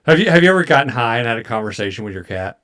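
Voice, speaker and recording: A man's voice: mid-range voice, very animated, very fast, fairly bright tone. Playful man co-hosting a comedy podcast. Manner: playful teasing. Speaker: podcast co-host. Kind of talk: casual comedic chat.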